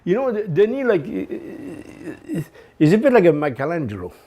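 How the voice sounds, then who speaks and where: An older man with a French accent, speaking slowly and reflectively in a documentary interview, with laughs between his thoughts. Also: high voice, wildly swooping pitch, dark tone. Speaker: snow sculptor.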